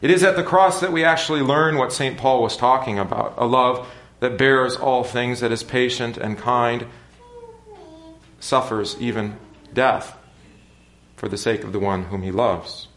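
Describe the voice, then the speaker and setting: A man's voice: mid-range voice, a bit bright. Man preaching in an echoey space. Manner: measured, earnest preaching with deliberate pauses. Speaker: pastor. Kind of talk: sermon.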